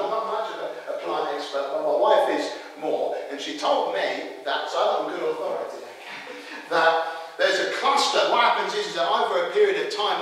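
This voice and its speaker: A man with a fairly high voice delivers an emphatic sermon, putting questions to his listeners. He sounds distant from the mic, and his words ring through a large, echoey church hall with a long reverb tail. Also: bright, forceful tone. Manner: emphatic, asks the congregation questions. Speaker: preacher.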